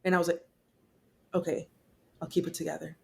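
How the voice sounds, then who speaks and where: A woman's voice: fairly low pitch, little pitch movement, a little fast, gravelly. A young woman, a podcast guest, telling her personal story in a candid, casual way with swearing, fillers and restarts.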